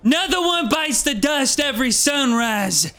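A man voicing an angry male gnome who rouses a mob and shouts from on top of crates. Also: extremely high pitch, animated, moderate pace, faint music behind, voice pushed up, full character voice. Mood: angry rallying. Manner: shouting, theatrical. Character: angry rabble-rousing male gnome leader.

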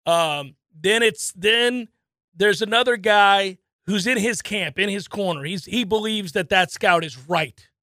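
A man's voice: high-pitched, a little slow, no room sound, studio quality. A man co-hosting a casual sports talk show, telling stories with lots of acted-out voices and frequent laughter. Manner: animated storyteller, acts out voices, laughs often. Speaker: sports radio co-host.

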